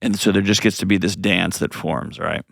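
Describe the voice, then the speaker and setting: A man hosting an advice call-in show, talking in an earnest, gently coaching way and often restarting his sentences. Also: low-pitched, fairly even intonation, moderate pace, creaky, dry recording, clean studio sound. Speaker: host.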